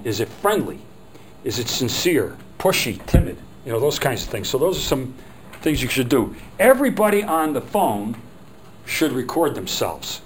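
A man's voice: mid-range voice, slight background noise, low-quality recording. A middle-aged man teaching a phone skills workshop, talking in a chatty, rambling way and acting out little quotes.

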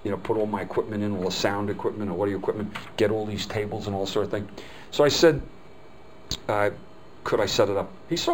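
An older man teaches a customer service seminar in a folksy, storytelling way. His voice sits fairly low, and he acts out the people he quotes. A faint hum of room noise runs under the recording. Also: fast, rough recording. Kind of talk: live seminar talk. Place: hotel meeting room.

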